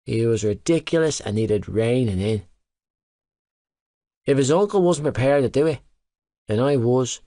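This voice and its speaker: A man narrating a novel in the first person in an even, measured storytelling voice, close to a studio microphone. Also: medium pitch, dry recording. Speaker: audiobook narrator.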